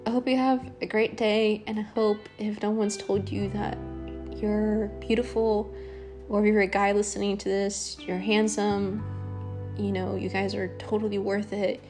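A young woman hosting her own podcast, talking earnestly and rambling a little, with frequent ums and soft laughs. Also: mid-range voice, flat delivery, a little slow, over music. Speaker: podcast host. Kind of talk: casual solo podcast talk.

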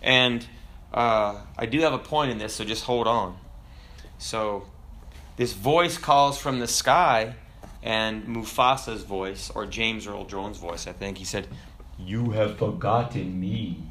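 A man's voice: takes it slowly, fairly bright tone. A male pastor preaching a sermon in a conversational way, with joking asides, who builds to emphatic preaching. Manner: rises to emphatic, higher-pitched preaching.

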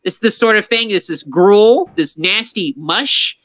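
A man hosting a casual chat among friends, theatrical and quick to exaggerated put-downs. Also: sits high, expressive, fairly bright tone. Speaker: host of a food ranking chat.

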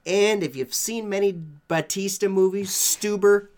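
A man talking casually about movie casting, easygoing and quick to laugh. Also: high-pitched, darkish tone. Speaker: podcast co-host.

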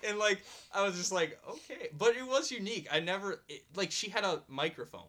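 A chatty man co-hosting a casual podcast, with a bright, forceful voice. He rambles, fills pauses with "like" and "um", and laughs often as he tells stories. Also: sits high. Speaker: podcast co-host. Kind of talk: casual chat.

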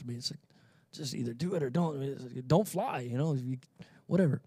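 A man preaching a sermon, moving between relaxed conversational storytelling and loud, fervent declaration. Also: medium pitch, fast, dry recording. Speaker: pastor.

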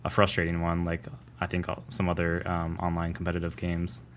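A man co-hosting a casual gaming podcast, talking in a measured, thoughtful way with frequent ums. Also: sits low, monotone, slight background noise. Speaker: podcast co-host.

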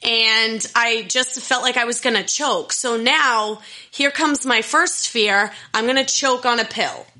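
Bright-voiced woman telling her story. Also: fairly high pitch, a little slow. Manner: earnest, emotional, self-deprecating. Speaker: storyteller sharing personal history. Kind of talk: candid personal storytelling.

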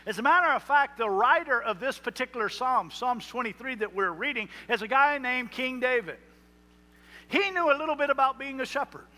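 A male pastor preaching a sermon, emphatic, with slow dramatic pauses on key words. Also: extremely high pitch, bright, forceful tone. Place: church sanctuary. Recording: reverberant hall.

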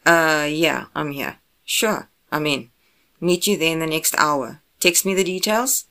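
A blunt, gruff grown man, read by a woman narrator in a low voice. His lines are short and clipped, sometimes dropping to a hush. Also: unhurried, full character voice.

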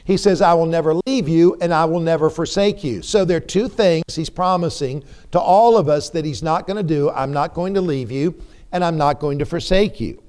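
Middle-aged male preacher, emphatic and questioning, smooth clear tone. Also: fairly high pitch, normal speed, darkish tone. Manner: emphatic, repeats words for emphasis, asks the congregation questions. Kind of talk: sermon.

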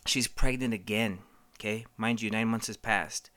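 A comedian telling a rambling, profane improvised story in a deadpan way. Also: medium pitch, normal speed, no room sound.

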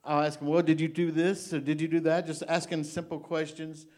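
A male pastor delivers a fervent sermon in a voice that sits a little high for a man. He swings between quiet, tender reflection and rising, emotional exclamations. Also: flat delivery, a little fast. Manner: impassioned preaching with rising exclamations.

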